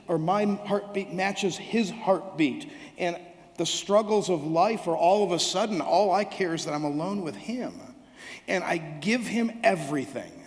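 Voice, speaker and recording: A man preaching a conversational sermon as pastor, telling stories in an animated way and acting out both sides of little dialogues. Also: sits high. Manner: animated storytelling, acts out dialogues with God. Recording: echoey hall.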